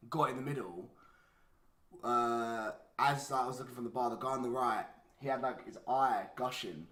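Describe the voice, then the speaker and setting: Young guy chatting, says like a lot, swears, bright tense voice. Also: medium pitch, moderate pace. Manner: swearing storyteller, heavy use of "like". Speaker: podcast co-host. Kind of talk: casual chat. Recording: echoey room.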